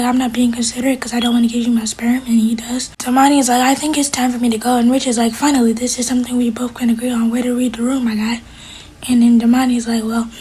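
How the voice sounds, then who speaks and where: Fast, breathy woman recapping a TV episode. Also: a little high, warm tone, poor audio. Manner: retells scenes by quoting each character with "she's like"; adds blunt personal asides to the characters. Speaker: TV episode reviewer.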